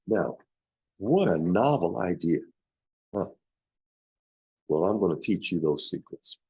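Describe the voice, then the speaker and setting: A man's voice: deep voice, lively intonation, a little slow, long pauses, mellow, breathy edge, dry recording, rough recording. A man coaching on business funding, telling a story emphatically, repeating key points and checking in with listeners. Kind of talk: motivational storytelling talk.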